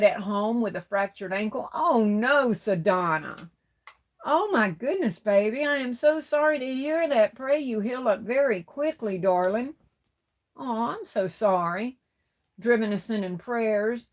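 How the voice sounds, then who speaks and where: A middle-aged woman hosting a livestream, reading viewers' comments and greeting each by name as sweetheart and baby, saying y'all. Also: mid-range voice. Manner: Southern-style speech with y'all. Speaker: livestream host reading chat. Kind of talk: casual live-stream chat.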